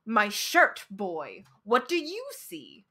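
A woman voicing a jovial, grand old bearded male psychiatrist who asks loud, theatrical questions in a storybook reading. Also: on the high side, very animated, slow pace, heavily acted.

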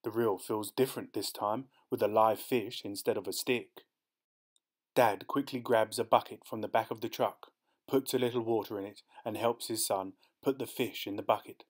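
Man narrator, children's picture book read-aloud, steady and clear. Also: fairly low pitch, moderate pace. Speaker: storybook narrator.

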